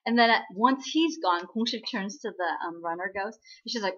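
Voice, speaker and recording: Woman, casual recap vlogger, lots of fillers, medium pitch, muffled lo-fi sound. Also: moderate pace, fairly bright tone. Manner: chatty, many fillers, acts out quoted lines in a higher voice.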